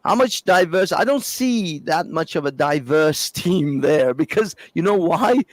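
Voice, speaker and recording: A man's voice: on the high side, unhurried, no room sound. Exasperated, swearing man. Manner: profane, exasperated, laughs through his points. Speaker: podcast co-host. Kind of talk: heated casual chat.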